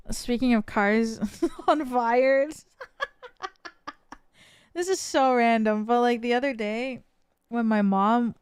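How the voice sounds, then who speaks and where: A young woman streaming a game and telling a story in casual chat, animated and quick to laugh. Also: a little high, smooth, dry recording, studio quality. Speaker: VTuber streamer playing a game.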